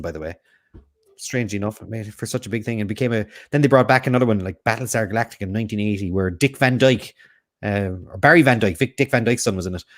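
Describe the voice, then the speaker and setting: Guy hosting a quiz, reads the options then goes off on chatty jokes. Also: medium pitch. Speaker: quiz host. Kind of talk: casual quiz chat.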